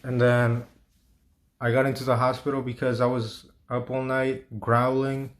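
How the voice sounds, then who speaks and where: A man's voice: mid-range voice, flat delivery, unhurried. A man telling a personal story in a loose, rambling way, full of fillers, restarts and swearing.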